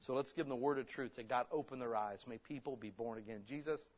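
A man preaching a sermon in a church, blunt and folksy, with sudden loud emphatic bursts. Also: medium pitch, fast talker. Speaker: pastor. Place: church hall.

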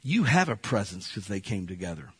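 Husky-voiced pastor preaching a sermon. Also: male voice, on the low side, big pitch swings, brisk. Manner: conversational preaching, emotional swings from loud to soft. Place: church.

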